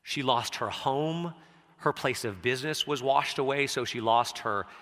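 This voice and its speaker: A man delivers a sermon in an easy, conversational manner. His voice is bright and forward, sinking soft and low at times and lifting when he quotes scripture. The sound carries the long reverb of a church sanctuary. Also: measured pace. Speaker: preacher.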